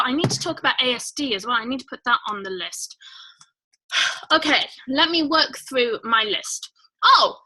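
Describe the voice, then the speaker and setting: A woman's voice: high-pitched, pushed and bright, low-quality recording. A woman hosting a casual livestream. She chats in a rambling way with many fillers and greets viewers one by one. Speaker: livestream host.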